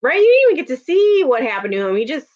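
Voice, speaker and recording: A woman's voice: high-pitched, sing-song, fast talker, dull audio. A woman in her thirties chatting casually on a live stream, laughing often and answering viewer comments.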